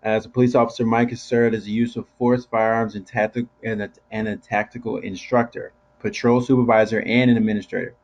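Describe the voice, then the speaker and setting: A man's voice: fairly low pitch, level tone, a little fast, hardly any pauses, a little mellow. Laid-back young man, dull call audio. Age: young adult. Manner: laid-back, casual slang. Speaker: student co-host. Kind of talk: casual chat. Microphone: video call.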